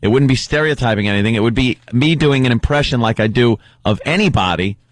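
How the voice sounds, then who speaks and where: A man's voice: mid-range voice, fast, no echo. A man hosting a radio talk show, telling a story in casual banter and acting out other people's lines.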